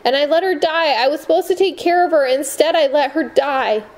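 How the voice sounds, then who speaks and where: A woman's voice: on the high side, animated, moderate pace, darkish tone, pitched above the performer's own voice, close to an everyday voice. A woman reading an audiobook, voicing a grief-stricken teenage girl who speaks in distraught, anguished bursts.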